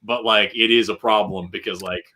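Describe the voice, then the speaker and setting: A man who is a guest on a livestream chat over a video call, speaking in a quick, easygoing and agreeable way. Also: fairly low pitch, steady tone, sharp tone, poor audio. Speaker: guest, science teacher.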